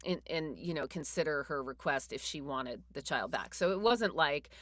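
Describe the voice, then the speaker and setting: Low-voiced woman hosting a podcast. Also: animated, a bit bright, no echo. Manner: hesitant, with fillers and quick reactions. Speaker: podcast host, adoptive mother. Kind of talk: casual interview chat. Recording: dry close sound.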